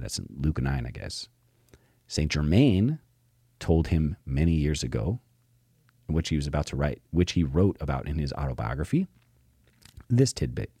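Deep, dark-voiced man reading and riffing. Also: big pitch swings, moderate pace, long pauses, husky, dry recording, clean studio sound. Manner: reads passages aloud and comments, profane asides. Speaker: host. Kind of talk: casual commentary reading from a spiritual book.

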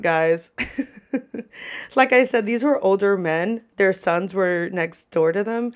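A woman at an ordinary middle pitch talks through her server stories in a relaxed, candid podcast style. She swears without a second thought and briefly acts out her customers' lines. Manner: candid, chatty, swears freely; acts out customer quotes in shifting voices. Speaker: podcast host and restaurant server. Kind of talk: casual storytelling.

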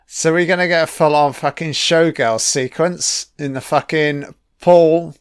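Slow-talking sarcastic man. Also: fairly high pitch, fairly even intonation, clear, resonant tone, dry recording, studio quality. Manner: sarcastic, heavily profane, mocking. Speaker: film commentator. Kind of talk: casual movie commentary.

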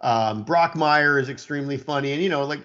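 A man's voice: medium pitch, fairly quick, a bit bright. A man living in Texas, chatting casually about television, blunt and opinionated, with stammering restarts. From Texas, USA. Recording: dull lo-fi sound.

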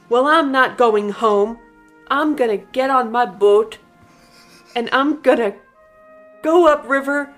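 A woman playing a male army colonel rallying his troops, speaking slowly and pausing between words. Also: on the high side, fairly bright tone.

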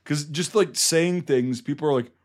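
A man's voice: fairly high pitch, moderate pace. A man in his thirties, a veteran co-hosting a podcast, talking in a blunt, profane, rambling way. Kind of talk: casual podcast banter.

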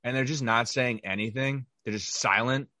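Bright-voiced man in wry banter. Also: mid-range voice, moderate pace. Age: young adult. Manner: wry, observational, poses questions to co-host. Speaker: podcast co-host. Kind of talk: casual comedic chat. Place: New York area.

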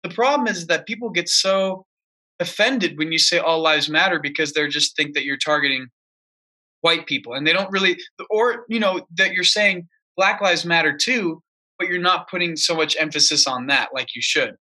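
High-voiced, emphatic ranting man. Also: normal speed, sharp tone. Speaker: podcast co-host. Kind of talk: casual political chat.

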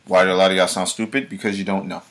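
A man's voice: low voice, little pitch movement, very fast, noisy background. A man, hosting his own show and delivering a heated, profane monologue straight at the listener. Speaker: show host.

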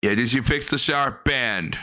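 A man's voice: medium pitch, moderate pace, pushed and bright. A man giving blunt, profane commentary on a livestream, ranting in exasperation.

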